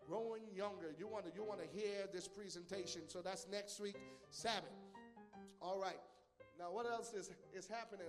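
A man with a high voice leads his church through announcements and a sermon. He repeats his phrases and calls out to the congregation for answers. Instrumental music plays clearly under the live recording. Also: normal speed. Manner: call-and-response preaching, repeats phrases. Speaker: pastor.

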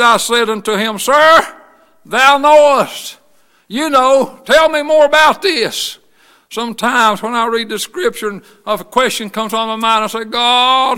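A male pastor preaching a sermon with fervour, reading scripture and rising to shouts of praise. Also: very high-pitched, clear, resonant tone.

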